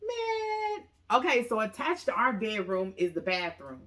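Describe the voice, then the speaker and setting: A woman's voice: unhurried, few pauses. A woman casually telling a story to viewers, often calling them "y'all" and acting out what people said with big jumps in her voice. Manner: animated, acts out quotes with big pitch jumps; talks straight to viewers, says "y'all" often.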